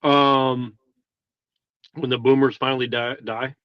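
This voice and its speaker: A man's voice: medium pitch, little pitch movement, slow pace, no room sound. Hesitant man, dull lo-fi sound. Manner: hesitant, thoughtful, with many restarts. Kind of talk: casual reflective chat.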